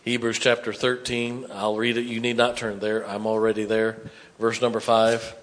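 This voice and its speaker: A man preaching a sermon, dropping to hushed tones and rising to loud emphatic bursts. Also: fairly low pitch, monotone, normal speed. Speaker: pastor.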